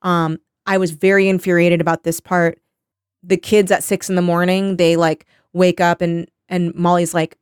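Smooth-voiced woman recapping a book. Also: on the low side, little pitch movement, normal speed, no room sound, clean studio sound. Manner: rambling plot summary with quoted voices and swearing. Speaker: podcast co-host. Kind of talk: casual book recap chat.

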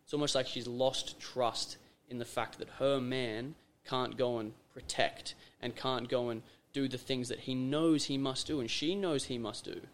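Speaking at a measured pace with fairly even intonation and barely a pause, the Australian podcast host keeps the chat casual. His pitch sits in the middle range, and he drives points home emphatically, repeating phrases and acting out little scenes.

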